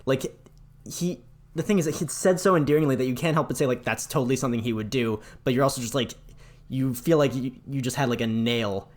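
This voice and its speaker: On a casual gaming podcast, a male co-host with a mid-range voice talks fairly quickly. He animatedly relives game scenes and puts on a mocking villain voice.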